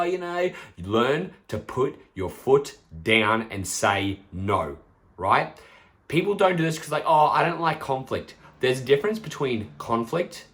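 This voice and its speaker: A young man hosts a casual solo podcast as a personal trainer, his mid-range voice a bit bright. He talks bluntly, swears freely, and acts out his friends' lines.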